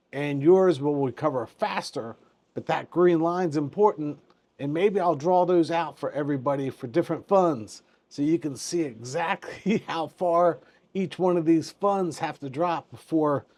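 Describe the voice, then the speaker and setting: A man's voice: a little high, a little mellow. A man in his fifties hosting a casual finance commentary, chuckling often and making joking asides. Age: 50s. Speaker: finance channel host.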